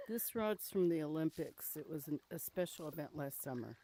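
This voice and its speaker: A woman's voice: low voice, animated, normal speed, dark tone. An older woman chatting casually while playing a fishing game, teasing and scolding her friends in jest. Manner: dry teasing, bossy old-lady scolding in jest. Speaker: fellow player. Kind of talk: casual gaming voice chat.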